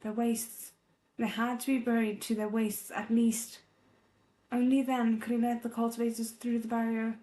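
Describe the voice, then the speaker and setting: A woman reading a novel aloud as a readalong host, soft and measured, breaking off to react with feeling. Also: on the high side, little pitch movement. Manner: emotionally invested, breaks off to react.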